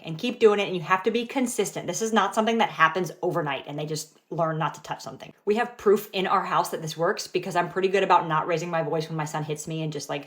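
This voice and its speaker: A woman talking calmly and patiently as a parent, mixing dry humor into everyday parenting skits and advice. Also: on the low side. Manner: calm, patient, dryly wry. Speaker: parent content creator.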